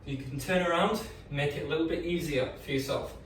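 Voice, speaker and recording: Coaching a home leg workout, this man sounds fairly high and speaks quite quickly, staying encouraging and laid-back until he's breathless at the close. There's a bit of hiss or hum, the room is echoey, and the microphone is placed at a distance.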